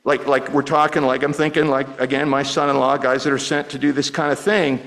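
A man's voice: mid-range voice, flat delivery, fairly quick, a bit bright, poor audio. A middle-aged man preaching a sermon as pastor, conversational and often repeating words as he restarts.

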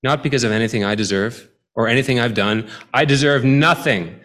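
A man's voice: medium pitch, brisk, fairly bright tone. A man preaching a sermon in a conversational way, building to emphatic appeals.

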